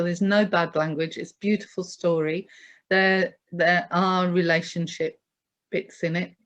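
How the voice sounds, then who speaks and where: A woman's voice: lowish voice, highs cut off. A woman vicar recommending a film in a reflective, hesitant way, full of ums and restarts, and reading scripture aloud.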